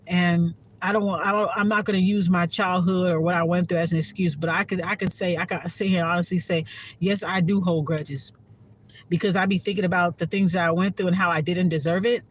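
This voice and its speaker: A woman giving a heartfelt, profane casual monologue to her viewers as a spiritual content creator. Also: fairly low pitch.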